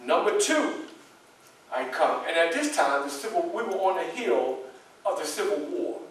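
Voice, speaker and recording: A historical reenactor, his voice fairly high and his pace normal, brings a dignified 19th-century abolitionist to life in first person. He addresses the live audience directly with earnest, animated storytelling in a library event room. Slight background noise accompanies the echoey, distant recording.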